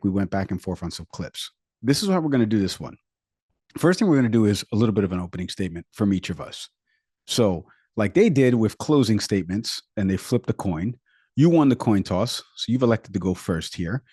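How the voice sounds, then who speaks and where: A man's voice: on the low side, lively intonation, brisk, warm tone, breathy edge, no room sound, studio quality. A man co-hosting a podcast, chatting casually and emphatically about politics. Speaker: podcast co-host.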